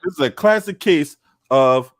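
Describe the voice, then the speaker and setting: A male sports talk host with a high voice who taunts and curses at a rival. He talks fast and sounds close and dry, with no room echo. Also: expressive. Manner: confrontational, profane, taunting.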